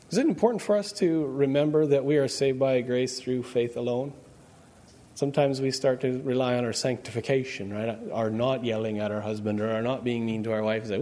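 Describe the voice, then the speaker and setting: A man's voice: medium pitch, moderate pace, darkish tone. A man preaching a sermon in a conversational way, quizzing his congregation with questions as he goes. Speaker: pastor.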